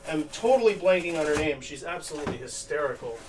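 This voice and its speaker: A man's voice: on the high side, expressive, quick pace. A man rambling, heard from far off the mic. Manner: rambling, thinking aloud with many "like"s. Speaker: crafting streamer. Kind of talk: casual live-stream chat while crafting. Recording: distant mic with faint background noise.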